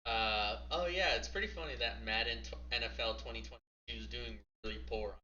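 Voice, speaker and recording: A man's voice: mid-range voice, brisk, bright, forceful tone, roomy sound, muffled recording, slight background noise. Chatty, rambling male streamer. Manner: chatty, rambling, laughs often. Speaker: streamer reading a story. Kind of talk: casual story reading on a stream.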